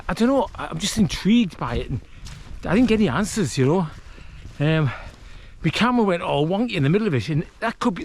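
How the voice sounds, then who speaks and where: A self-deprecating man chats to camera at a woodland camp, rambling with plenty of fillers. His voice sits a touch high and rises and falls a lot, with faint noise from outdoors behind him. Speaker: vlogger, outdoor camper. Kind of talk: casual talk to camera. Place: outdoors in woodland, wild camping.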